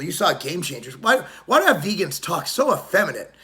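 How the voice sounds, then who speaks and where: A man's voice: high voice, huge pitch swings, moderate pace, sharp tone. A middle-aged man, a fitness vlogger, giving a brash, profane, mocking rant to the camera.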